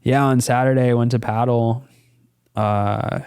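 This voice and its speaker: A man's voice: medium pitch, fairly even intonation, measured pace, a little mellow, clean tone. A young man, a podcast guest, casually telling a personal story in a rambling, earnest way with lots of fillers and some swearing. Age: young adult.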